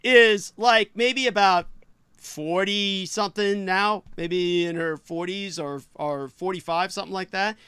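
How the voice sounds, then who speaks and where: A man's voice: sits high, a little slow, sharp tone, smooth, no room sound. A man hosting a casual panel chat. He tells his stories with animation and puts rhetorical questions to his audience. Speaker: podcast host.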